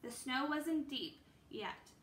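Bright-voiced woman reading a children's book. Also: high-pitched, slow, slight background noise. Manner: steady storytelling with small slips. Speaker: reader. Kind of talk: children's book read-aloud. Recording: roomy with faint ambience.

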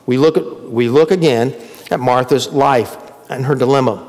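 A man preaching a sermon as pastor in a conversational way, swinging between emphatic rises and quiet drops. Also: medium pitch, moderate pace, big-room sound. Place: church sanctuary.

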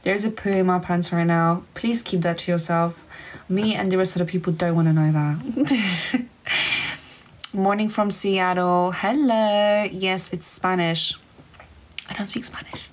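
A young woman from Eastern Europe hosting a casual phone livestream, giggly and chatty, answering comments in quick short replies. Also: on the low side, poor audio. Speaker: livestream host.

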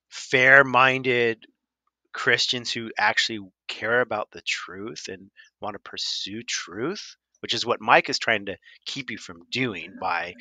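A man's voice: medium pitch, sharp tone, no echo. A man hosting a critical commentary video, arguing emphatically, repeating his points and addressing his opponent directly. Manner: emphatic and repetitive. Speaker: commentary channel host.

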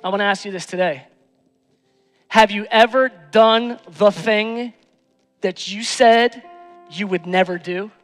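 A male pastor preaching a sermon, moving between hushed, tender lines and loud, emphatic ones. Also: sits high, fairly even intonation, slow, long pauses, in a large hall, faint music behind. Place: church sanctuary.

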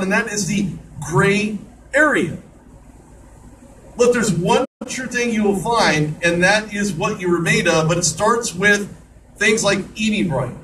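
A man hosting an online radio show, talking in a chatty monologue with joking asides. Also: high-pitched. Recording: distant mic with clear background noise.

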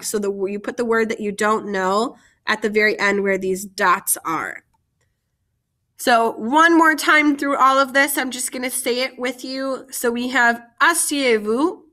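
A woman's voice: medium pitch, pushed and bright. A woman French teacher giving a vocabulary lesson, carefully modeling each French phrase and then explaining it in English.

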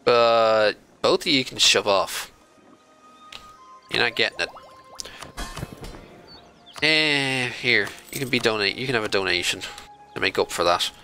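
A man's voice: medium pitch, unhurried, long pauses, pushed and bright, faint music behind, low-quality recording. A man giving casual commentary over a strategy video game, chatting along and scolding the computer opponents in mock outrage. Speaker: video game let's-play host.

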